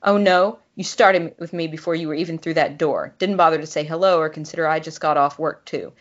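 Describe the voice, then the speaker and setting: A snarky, sneering grown man picks a fight, his voice sitting low and taunting, read aloud by a woman author. The sound is dull and lo-fi. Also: steady tone, a little fast, natural voice.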